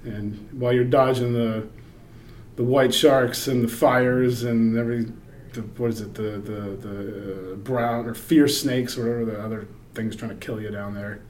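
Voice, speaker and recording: A man's voice: mid-range voice, steady tone, normal speed, darkish tone, slight background noise. Rambling, wry podcast man. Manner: rambling, wry, trails off into mumbles. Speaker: podcast co-host. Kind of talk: casual chat.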